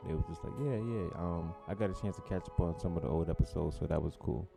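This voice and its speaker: A man's voice: sits low, quick pace, creaky, music in the background. A man co-hosting a comedy podcast, joking and teasing in casual chat. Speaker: podcast co-host.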